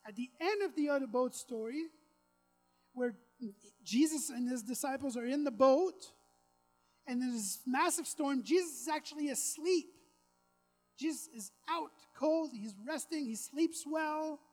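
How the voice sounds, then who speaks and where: A woman with a fairly high voice preaches a sermon, talking in a relaxed, chatty way with offhand jokes and asides. She builds to emphatic, repeated phrases as the preaching intensifies. Soft music plays faintly behind her. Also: measured pace, rough recording. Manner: conversational, with casual asides and self-deprecating humor.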